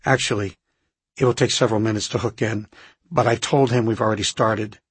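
A man with a husky voice voicing a calm senior male scientist who speaks in a measured, reassuring way in an audiobook. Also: on the low side, no room sound.

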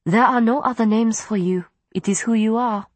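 A woman voicing a proud ancient female vampire matriarch, speaking slowly and formally. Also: on the high side, husky, dry recording, pitched above the performer's own voice. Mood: stately.

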